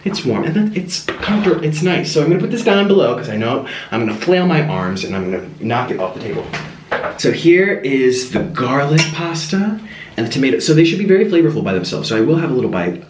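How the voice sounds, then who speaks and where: Chatty, animated man cooking at home. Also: medium pitch, quick pace, echoey room, noisy background. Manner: chatty, with dramatic exclamations. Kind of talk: casual cooking vlog. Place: home kitchen.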